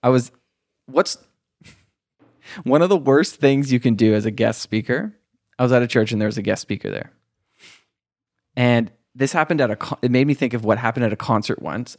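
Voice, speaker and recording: A man from Canada co-hosting a casual podcast, telling a story with animated energy. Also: medium pitch. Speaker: podcast co-host.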